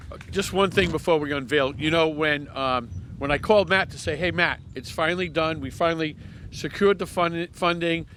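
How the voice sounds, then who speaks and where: A man's voice: fairly high pitch, normal speed, fairly bright tone, a little hiss or hum. A man hosting an outdoor dedication ceremony, casual and directing people. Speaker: ceremony host. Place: outdoors at a pond.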